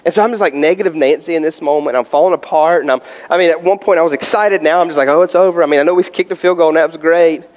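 High-voiced male pastor, lively storyteller full of fillers, preaching in a reverberant church hall. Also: very fast, hardly any pauses. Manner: animated storytelling, many fillers. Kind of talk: sermon.

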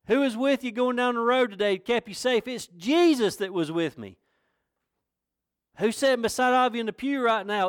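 A North Carolina pastor with a Southern accent and a high-sitting, clean voice delivers a sermon in church. He talks in a folksy, conversational way that rises to emphatic questions, recorded at studio quality without echo.

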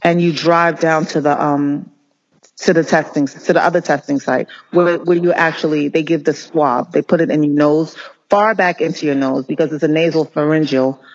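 A male nurse speaking as an interview guest, earnest and impassioned, often halting and restarting mid-sentence. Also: a little high, fairly even intonation. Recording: muffled lo-fi audio.

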